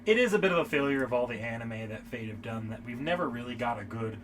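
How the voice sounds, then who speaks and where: A young man co-hosting a casual anime discussion, giving measured opinions. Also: mid-range voice, expressive, background noise. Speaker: podcast co-host.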